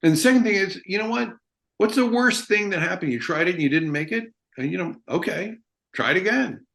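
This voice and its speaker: A man's voice: high voice, lively intonation, brisk, gravelly, fairly bright tone. A middle-aged American man, an army veteran guest in an interview, talking in a blunt, emphatic way and swearing freely. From United States. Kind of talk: casual interview talk.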